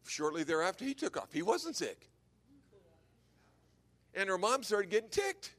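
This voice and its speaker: Older man preaching in a lively, high voice. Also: a little slow, long pauses. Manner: lively storytelling, chuckles at own jokes. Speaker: visiting preacher. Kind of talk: anecdotal sermon.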